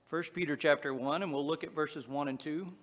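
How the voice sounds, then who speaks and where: Southwest Virginia man, fairly high voice, casual preaching style, reverberant hall. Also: steady tone, fairly quick, fairly bright tone. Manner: folksy, conversational with frequent uh and restarts. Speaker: pastor. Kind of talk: sermon.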